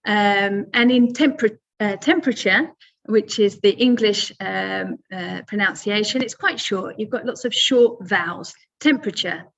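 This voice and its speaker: A woman's voice: medium pitch, measured pace, creaky, few pauses, muffled recording. A woman teaching English pronunciation in a webinar, patient and step by step, with many fillers. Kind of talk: webinar lesson.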